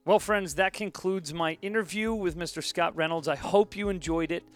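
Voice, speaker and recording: A man's voice: high-pitched, soft background music. A man hosting a podcast, chatting casually and enthusiastically with his guest. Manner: enthusiastic, chatty, quick affirmations. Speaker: podcast host.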